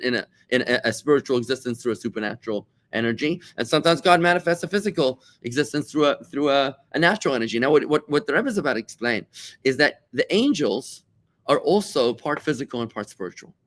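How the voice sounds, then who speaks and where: Male rabbi, middle-aged, from South Africa; lively conversational teacher who repeats words and acts out other people's lines. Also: medium pitch, fast. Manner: animated, repeats words, acts out quoted voices. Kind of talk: conversational Torah class.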